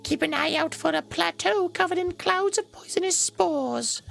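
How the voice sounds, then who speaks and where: High gravelly lady guide, polite and earnest, a guy doing the voice while reading game text. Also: normal speed, fairly bright tone, soft background music, full character voice. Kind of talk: reading game dialogue aloud.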